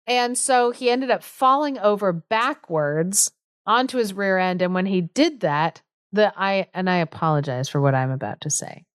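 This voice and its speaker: A chatty woman co-hosting a podcast tells a folk tale at a moderate pace, giggling frequently and using casual fillers. Her middle-pitched voice is smooth and clear, recorded dry and close with no room sound.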